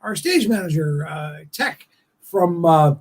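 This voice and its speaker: A man hosting a casual live-stream chat show, rambling and emotional with many halting restarts. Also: a little high, lively intonation, low-quality recording. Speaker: host of a live online talk show.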